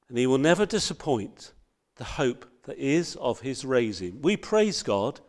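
A man preaching a sermon, earnest and reading scripture with loud emphasis. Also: medium pitch.

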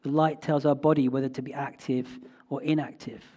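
A man's voice: mid-range voice, flat delivery, dark tone, dull audio. Reflective preacher man. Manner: reflective, pausing often with fillers. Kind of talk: sermon.

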